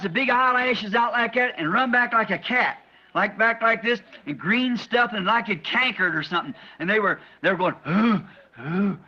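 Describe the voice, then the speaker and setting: A man's voice: extremely high pitch, pushed and bright. A man preaching a sermon, telling an earnest story in folksy speech and often repeating his words. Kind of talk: sermon testimony. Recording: dull lo-fi archive sermon tape.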